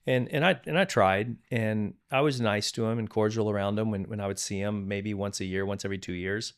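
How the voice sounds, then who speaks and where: A man's voice: on the low side, fairly even intonation, brisk, clean tone. A middle-aged man, a pastor, telling a personal story of forgiveness in a candid, earnest way, often restarting and repeating words. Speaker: pastor and podcast guest. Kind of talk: candid testimony in conversation.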